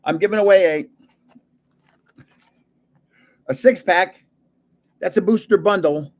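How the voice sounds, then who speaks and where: A man in his seventies hosts an easygoing livestream, his high-pitched, slightly mellow voice moving at a slow pace. He meanders, chuckles frequently, and trails off while reaching for words.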